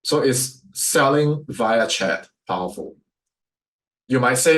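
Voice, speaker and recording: A man's voice: medium pitch, animated, slow pace, fairly bright tone. A man with a Singaporean English accent, teaching sales as a coach, firing rhetorical questions at his listeners. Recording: echoey room.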